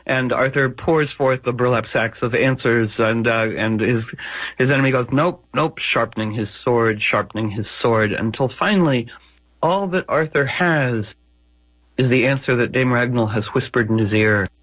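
A man's voice: mid-range voice, normal speed, no echo. A man telling a legend on the radio, wry and conversational with digressions. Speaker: radio storyteller. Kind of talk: spoken-word storytelling. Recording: dry, tinny phone-like radio audio.

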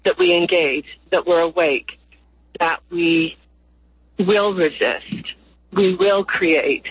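A husky-voiced woman guest speaks slowly and earnestly, shaping her thoughts into lyrical phrases. She comes through a thin, tinny phone line with a dry, close sound. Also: lowish voice, dry recording. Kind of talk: reflective interview talk.

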